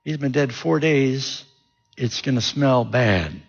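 A man voicing Martha as a fretful, protesting woman in a sermon retelling, with a gravelly, husky voice. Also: mid-range voice, lively intonation, slow pace, dull audio, full character voice. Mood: worried.

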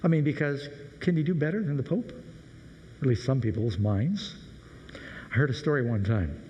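A man preaches in a relaxed, anecdotal storytelling way. His voice is mellow and dark, and a long hall reverb trails behind every phrase. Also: mid-range voice, moderate pace, muffled recording, slight background noise. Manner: conversational, anecdotal. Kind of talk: sermon storytelling.

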